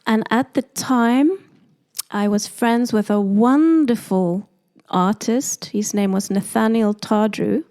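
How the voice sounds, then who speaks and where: South African woman, doula guest; lively storyteller who acts out the people she quotes. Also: fairly high pitch, takes it slowly. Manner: animated, acts out quoted voices. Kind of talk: storytelling interview.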